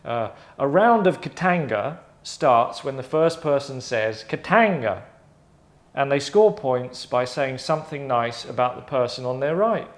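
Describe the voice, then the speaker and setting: A man's voice: medium pitch, animated, moderate pace, few pauses. Chatty man in an echoey room. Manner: rambling, chatty, with asides and self-corrections. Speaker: host presenting his own game idea. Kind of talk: casual monologue.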